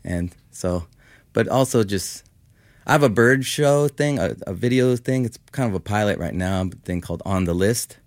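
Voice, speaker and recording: Low-voiced rambling man in his fifties. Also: moderate pace, no room sound, studio quality. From Los Angeles, California. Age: 50s. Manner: rambling, full of "like" and "you know". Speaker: musician guest. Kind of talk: casual interview talk.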